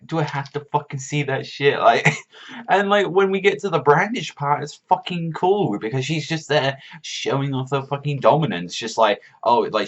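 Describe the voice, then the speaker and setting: A man with a fairly low voice rants through a casual review, cursing often and stuffing his talk with fillers. The recording sounds dull and lo-fi. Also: a bit bright. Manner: profane, rambling, heavy use of filler words. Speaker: manga reviewer.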